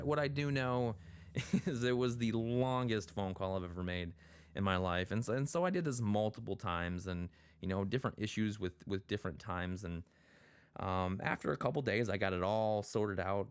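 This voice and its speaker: Man, deep voice, rambling story, exasperated, fillers, dry close sound. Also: smooth, no room sound. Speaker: vlogger. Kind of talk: casual storytelling.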